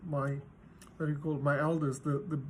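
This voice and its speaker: A man in his fifties, talking to camera in an exasperated, halting way as he searches for words. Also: on the high side, little pitch movement, a little hiss or hum. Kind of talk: casual talk to camera.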